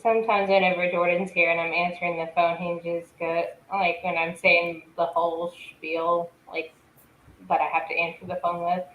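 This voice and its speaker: A woman co-hosting a casual live stream, chiming in with quick quips and laughs. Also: lowish voice, flat delivery, muffled recording. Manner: laughs a lot, chimes in with short quips. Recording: echoey room, faint noise.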